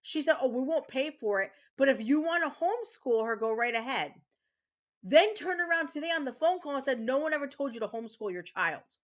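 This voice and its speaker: This streamer, a mom, furiously rants at her chat mid-game, swearing and repeating herself in a high voice that's brisk with lively intonation.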